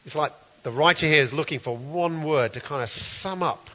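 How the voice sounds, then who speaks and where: Bright-voiced male preacher in a hall. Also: a little high, normal speed. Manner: earnest, reads scripture aloud and comments. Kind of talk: sermon. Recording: dull, roomy hall sound.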